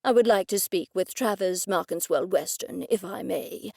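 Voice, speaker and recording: Pompous elderly English gent, voiced by a woman narrator, stiff and formal, a touch high. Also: moderate pace, creaky, darkish tone, no echo, studio quality. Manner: stiffly formal, old-fashioned phrasing.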